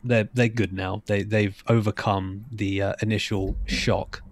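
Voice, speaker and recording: A man's voice: fairly low pitch, level tone, unhurried, slight background noise. A man playing in a tabletop game, talking hesitantly and repeating words as he describes his character. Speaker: player.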